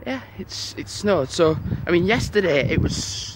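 A man's voice: sits high, lively intonation, a little slow. A man, chatting and rambling as he vlogs on a phone while walking through snowy town streets. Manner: chatty, rambling, swears when annoyed. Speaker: vlogger. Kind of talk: casual walking vlog. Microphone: phone held while walking. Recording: loud outdoor street noise on a phone. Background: traffic and street noise.

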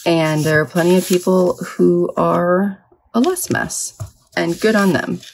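A woman's voice: on the low side, unhurried, gravelly, slight background noise. A middle-aged woman in a sleepy early-morning mood, rambling chattily and self-deprecatingly while she crafts. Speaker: vlogger.

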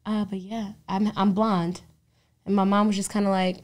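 A young adult woman co-hosting a podcast, telling stories in a profane, animated way and acting out the voices of the people in them. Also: medium pitch, moderate pace. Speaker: podcast co-host. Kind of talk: casual podcast storytelling.

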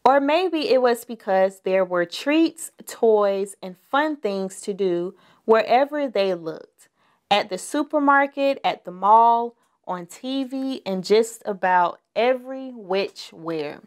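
A woman's voice: a little high, expressive, slow. A woman reading a picture book aloud to young children, stopping to ask them questions. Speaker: children's storyteller.

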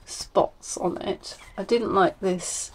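A woman's voice: mid-range voice, fairly even intonation, takes it slowly, a little hiss or hum. A woman hosting a crafting podcast from home, chatting casually and rambling, with many ums and self-corrections. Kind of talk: casual chat.

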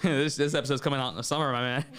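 A man's voice: mid-range voice, fairly even intonation, crowd noise. Joking, teasing young male podcast host. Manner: joking, teasing, repeats himself rapidly. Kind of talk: casual playful interview chat.

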